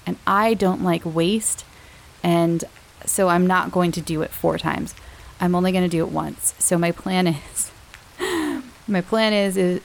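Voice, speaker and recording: A woman hosting her own podcast, chatting casually and warmly to her listeners with fillers and little laughs. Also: lowish voice, vocal fry, slight background noise, poor audio. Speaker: podcast host. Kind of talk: casual chat.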